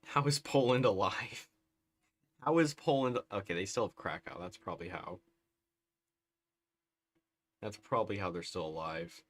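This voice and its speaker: A man's voice: on the low side, normal speed, long pauses. A man livestreaming a strategy game, giving casual, bemused running commentary and laughing often.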